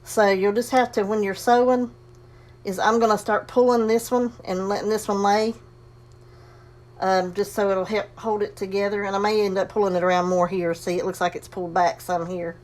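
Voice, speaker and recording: A woman's voice: medium pitch, flat delivery, moderate pace, a little mellow. A woman casually demonstrating a sewing project, chatty and folksy, talking herself through each step and breathing a little heavily. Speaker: crafting tutorial host.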